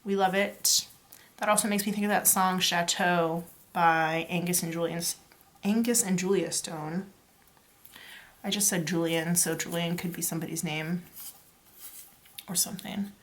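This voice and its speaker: A woman's voice: fairly low pitch, fairly even intonation, measured pace, pauses often. A woman giving a casual pick-a-card tarot reading, talking to her viewers in a chatty, playful way and jumping from one loose association to the next. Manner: free-associating, chatty and playful, addresses viewers as "you guys". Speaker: tarot reader.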